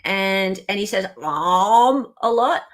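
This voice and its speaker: A woman with an Australian accent hosting a casual live stream, chatting and joking with quick asides. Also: medium pitch, animated. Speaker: livestream host.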